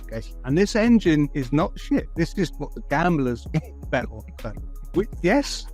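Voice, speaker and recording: A man from the UK joins a sports talk show, eager and emphatic. His voice sits a little high, with faint music behind him. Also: very animated, normal speed, darkish tone.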